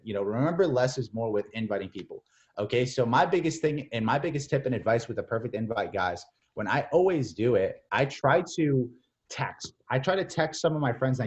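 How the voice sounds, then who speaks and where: A young man giving casual, energetic coaching as a mentor, slipping into playful acted-out phone chats with lots of "like" and "bro". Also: mid-range voice. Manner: energetic, repeats "like" and "bro", acts out texts and calls. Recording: slightly dull lo-fi audio.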